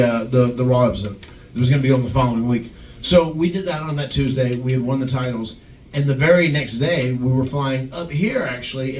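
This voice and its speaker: A man on a podcast telling an animated wrestling story, chuckling and slipping into other people's voices. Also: mid-range voice, a little hiss or hum. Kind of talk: casual storytelling. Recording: echoey, distant mic, faint background ambience.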